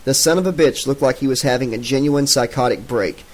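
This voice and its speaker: A man narrating a horror audiobook in a steady, dramatic reading. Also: mid-range voice, fairly quick, rough recording.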